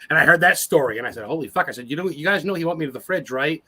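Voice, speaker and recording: A man in his forties talks quickly as a guest in a casual interview. His voice sits a little high and has a bright, forceful edge. He rambles through his stories with plenty of swearing and open emotion. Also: expressive. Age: 40s. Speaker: podcast guest.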